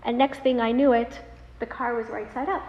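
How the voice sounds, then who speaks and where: A woman in her thirties telling a personal story, animated, with many fillers. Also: fairly high pitch, moderate pace. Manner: animated, many fillers, acts out quoted voices. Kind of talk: personal story told aloud. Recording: roomy hall with long reverb, dull lo-fi sound, faint noise.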